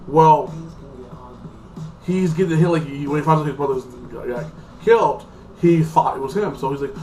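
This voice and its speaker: A little high and a little mellow, a man's voice moves at normal speed with long pauses as he gives a rambling, casual movie review peppered with "like" and acted-out characters. He sounds somewhat off-mic, with faint background music.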